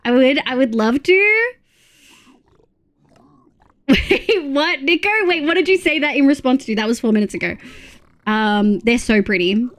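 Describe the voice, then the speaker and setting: A woman's voice: high voice, expressive, a little slow, pauses often. A young Australian woman streaming live, chatting casually with her viewers, reading their messages aloud and gushing over their photos. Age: young adult. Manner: chatty, reads chat aloud, gushing exclamations and muttered asides.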